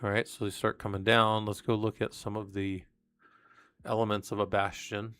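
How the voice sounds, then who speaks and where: A man's voice: fairly low pitch, flat delivery, normal speed, a bit bright, clear, resonant tone, dry recording. A man reading research papers aloud on a live stream and commenting casually between passages, with fillers and restarts. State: coughing, hiccups.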